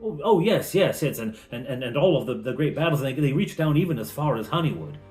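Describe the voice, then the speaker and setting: An eager adventurer, as a man puts him on, excitable and stammering, with a lively voice that jumps up and down. He sounds flustered and a little breathless with eagerness. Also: mid-range voice, fast talker, roomy sound, lightly acted. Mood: excited.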